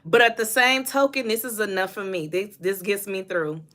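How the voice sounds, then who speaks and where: A woman's voice: mid-range voice, expressive, moderate pace, a bit bright. A young woman, hosting a casual livestream on her phone, chatting and reading out viewer comments. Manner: chatty, answers viewer comments, laughs often. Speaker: host.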